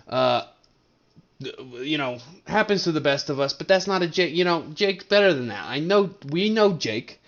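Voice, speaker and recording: Through a muffled recording, a young Colorado man with a fairly high, slightly bright voice recaps a fantasy league to camera from a desk webcam. He speaks at normal speed with lively intonation and vocal fry, rambling, joking, and teasing his friends.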